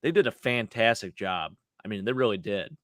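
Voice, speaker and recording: A man with a hoarse, worn-out voice, chatting excitedly and rambling about a football game on a fan podcast. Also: fairly low pitch, moderate pace, no room sound, clean studio sound. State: hoarse, lost his voice. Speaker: podcast panelist. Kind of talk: casual sports chat.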